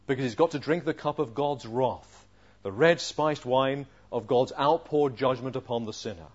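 A male preacher giving an expository sermon, asking rhetorical questions and swinging from loud emphasis to a hushed voice. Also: on the high side. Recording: dull lo-fi sermon recording.

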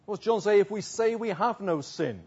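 A man preaching a sermon, earnest, swinging between emphatic declamation and quiet, low asides. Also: lively intonation, moderate pace, husky, dull audio.

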